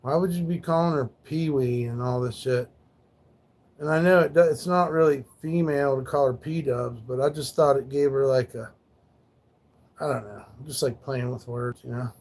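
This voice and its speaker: Gravelly-voiced grieving man rambling. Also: medium pitch, moderate pace, darkish tone. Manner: rambling, profane, grieving, reads chat. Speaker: livestreamer. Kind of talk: casual livestream talk.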